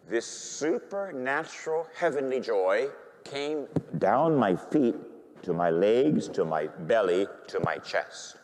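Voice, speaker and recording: A man's voice: mid-range voice, darkish tone. A male Catholic priest preaching a sermon, telling his story animatedly and bantering with the congregation. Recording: long hall reverb.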